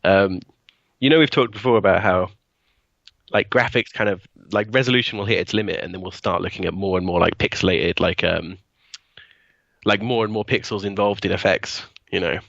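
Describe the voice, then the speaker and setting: A man's voice: low voice, fairly quick, creaky, a bit bright, dry recording, lo-fi sound. A man co-hosting a casual gaming podcast, talking loosely with lots of ums and likes. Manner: hesitant, many ums and likes. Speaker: podcast co-host. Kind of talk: casual chat.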